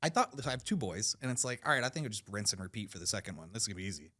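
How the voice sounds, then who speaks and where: A man chatting casually on a podcast, animated and swearing, jumping into loud high laughing shouts. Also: racing.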